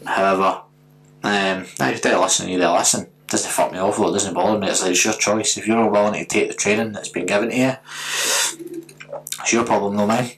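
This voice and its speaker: A man's voice: on the low side, fairly even intonation, a little fast, fairly bright tone, rough recording. A Scottish man in his twenties co-hosting a podcast, blunt and sweary in casual chat. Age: 20s. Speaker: podcast co-host.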